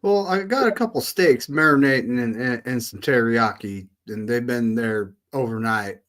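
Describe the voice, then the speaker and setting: A man of middle pitch chatting easily about his game-day plans. He talks in a relaxed, unhurried way and stumbles over a word now and then. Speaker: podcast co-host. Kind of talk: casual fan chat.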